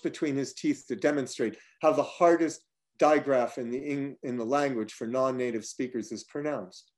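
A man's voice: medium pitch, moderate pace. Man reading his own prose, dry and wry. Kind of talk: reading personal prose aloud.

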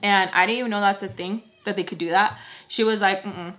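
A young woman vlogger telling a storytime while doing her makeup, animated and slangy, acting out what people said in different voices. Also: mid-range voice, fairly quick.

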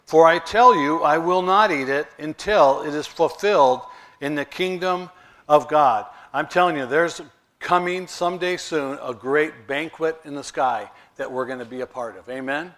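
A man's voice: fairly high pitch, normal speed, fairly bright tone. A male pastor, preaching a sermon in a conversational way with rhetorical questions.

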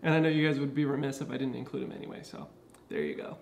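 A man's voice: mid-range voice, sing-song, racing, creaky, slight background noise. A man talking casually to his camera at home, explaining things earnestly with frequent restarts. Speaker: vlogger. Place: indoors at home.

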